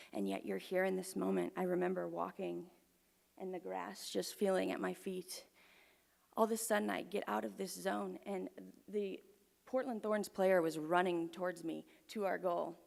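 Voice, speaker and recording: A young woman telling a personal story live on stage to an audience, earnest and often dropping to a hushed near-whisper. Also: fairly low pitch, vocal fry. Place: performance venue with audience. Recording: long hall reverb.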